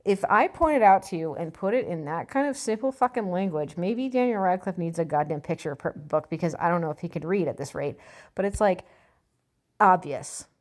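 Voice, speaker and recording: A woman's voice: on the low side, expressive, brisk, a little mellow. Blunt, sarcastic woman ranting. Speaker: vlogger. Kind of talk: opinion vlog reading an article.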